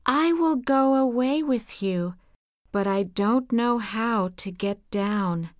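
Young innocent girl, gentle, earnest, raised light voice, very slow, dry close sound, played by a woman. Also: fairly high pitch, no room sound.

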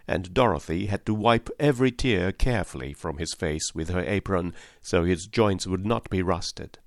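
A man narrating a classic storybook in a calm, measured reading. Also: on the low side, dry recording, clean studio sound. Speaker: audiobook narrator.

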